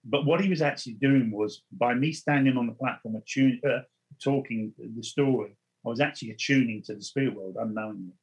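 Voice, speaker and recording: Husky man telling his story. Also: medium pitch, brisk, low-quality recording. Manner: earnest, repeats and restarts words. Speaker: spiritual medium. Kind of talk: storytelling in conversation.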